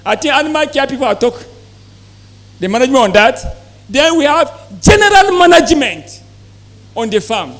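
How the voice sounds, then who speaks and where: A man's voice: very high voice, very animated, moderate pace, pauses often, fairly bright tone. A man giving a live seminar talk to farmers, repeating points and asking the audience questions. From Nigeria. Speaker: sales manager giving a farm talk.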